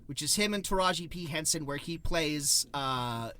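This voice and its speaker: A man's voice: a little high, expressive, moderate pace, bright, forceful tone. A man hosting a casual movie podcast, talking in a wry, sarcastic way and swearing freely. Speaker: podcast host.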